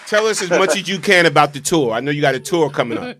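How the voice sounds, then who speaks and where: A man's voice: fairly high pitch, expressive, quick pace, crowd noise. A male show host in casual interview chat, hyped, slangy and repetitive.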